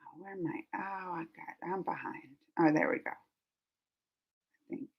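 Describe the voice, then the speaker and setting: This YouTube reaction host, a New Orleans woman with a Southern US accent, speaks in a fairly low, steady voice that runs a little slow, creaky with a breathy edge, and the highs sound cut off. She reads her live chat aloud in a relaxed way, often laughing and trailing off mid-sentence.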